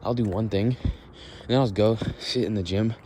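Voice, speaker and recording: A man's voice: fairly low pitch, steady tone, moderate pace, mellow, a little hiss or hum. A young man hosting a casual walk-and-talk podcast, rambling bluntly with swearing and frequent restarts, recorded outdoors at dusk. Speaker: podcast host.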